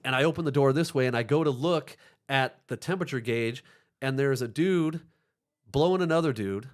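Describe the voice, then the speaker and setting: A man as a podcast guest, telling an animated, profane story in casual chat and acting out the dialogue. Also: medium pitch, a little fast.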